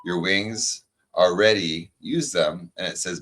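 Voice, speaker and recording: Man, very low voice, casual card reader, slow soothing delivery. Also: a bit bright, faint music behind. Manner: reads cards aloud slowly and soothingly. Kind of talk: casual chat.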